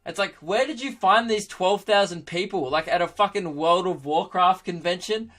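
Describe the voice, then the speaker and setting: Hosting a podcast, a comedian in his twenties delivers a loose, comic monologue at a normal speed. His bright voice sits a little high, and he jokes crudely, laughs often, and keeps the energy animated.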